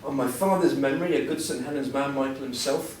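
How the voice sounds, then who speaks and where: A man's voice: medium pitch, fast talker, darkish tone, slight background noise. A man in his sixties giving a humorous, self-deprecating talk as a guest speaker, full of anecdotes. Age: 60s. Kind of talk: anecdotal after-dinner talk. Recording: echoey hall, mic at a distance.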